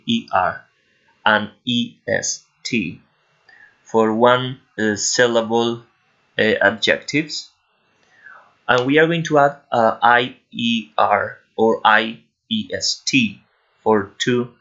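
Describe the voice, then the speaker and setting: Slow, low-voiced Spanish-accented male teacher. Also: bright, forceful tone. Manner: patient, repeats "okay?" to check understanding. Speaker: English teacher. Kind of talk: online lesson explaining grammar to pupils. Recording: muffled lo-fi sound.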